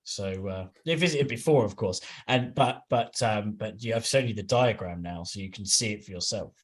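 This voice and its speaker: A man's voice: fairly low pitch, normal speed, husky. A man from England, a regular on a panel show, talking casually with many restarts and fillers.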